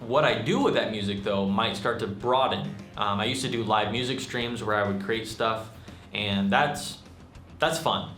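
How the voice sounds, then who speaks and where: A man's voice: fairly low pitch, normal speed, a bit bright. A young man casually rambling through a channel update, with frequent fillers and self-deprecating asides. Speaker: channel host and musician. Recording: echoey room with faint music.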